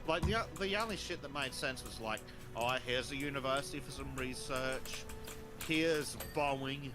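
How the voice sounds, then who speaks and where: A man's voice: mid-range voice, moderate pace. A man chatting casually while gaming, blunt and sweary, laughing often. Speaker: podcast guest. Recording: background music under the voice.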